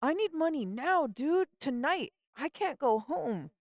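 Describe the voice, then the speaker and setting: A woman reading an audiobook, voicing a scared, desperate teenage girl who pleads in a high, rising voice. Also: big pitch swings, a little slow, a little mellow, dry recording, clean studio sound, heavily acted.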